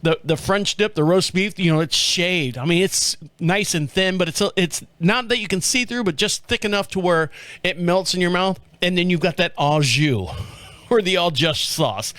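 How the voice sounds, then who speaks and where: A man's voice: high voice, normal speed, a bit bright, smooth, dry recording. A middle-aged man from the States, hosting a podcast in a rambling, joking way and chuckling often. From southern United States. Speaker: podcast host. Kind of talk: casual chat.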